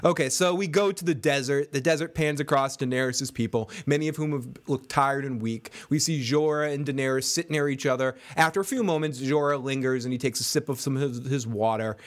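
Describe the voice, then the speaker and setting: Brisk and medium-pitched with few pauses, this co-host of a casual recap podcast curses freely, laughs a lot and reads out comments from listeners.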